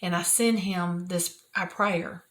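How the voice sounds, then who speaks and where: Earnest older woman, soft-spoken. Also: on the low side, fairly even intonation, slow. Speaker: Christian video host. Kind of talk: personal devotional talk. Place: private office at work.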